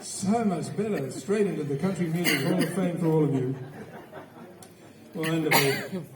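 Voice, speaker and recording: A man's voice: fairly high pitch, normal speed, background noise. An older Australian man chatting to the audience between songs at a live gig in a village tavern, telling rambling anecdotes full of hesitant restarts. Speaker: singer and guitarist. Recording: roomy live recording from a distance.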